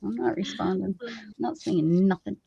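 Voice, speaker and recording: A woman's voice: mid-range voice, moderate pace, vocal fry, warm tone, slightly rough. A woman from Texas co-hosting a casual livestream craft chat, playful and teasing, laughing often. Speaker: co-host. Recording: dull lo-fi stream audio.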